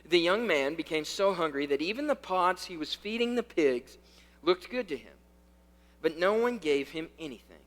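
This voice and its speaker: A youth pastor preaching a conversational sermon, swinging from loud, fast bursts to quiet, slow lines and repeating key phrases for emphasis. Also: male voice, a little high.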